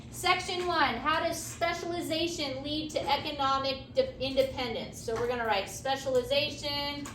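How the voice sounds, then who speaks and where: A high, bright woman lectures a class at a slow, deliberate pace, checking in with students as she goes. Her voice is picked up from a distance in an echoey classroom, with faint room noise underneath. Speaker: teacher.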